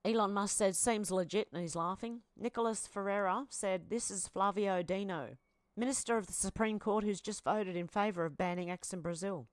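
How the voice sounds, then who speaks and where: An Australian woman hosting a chatty live stream, reading out posts and viewer comments. She talks at a mid pitch and adds quick asides between items. The sound is dry and close, with little room. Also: no room sound. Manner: chatty, reacts aloud, with asides and fillers.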